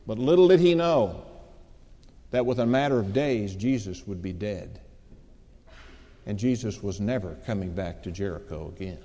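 A man's voice: medium pitch, moderate pace, mellow. A man preaching a sermon, telling a story dramatically and acting out the voices of its people. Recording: long hall reverb.

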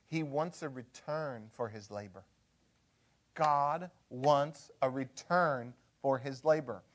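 A man preaching a sermon as pastor, shifting from hushed and conversational to loud and emphatic. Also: medium pitch, takes it slowly.

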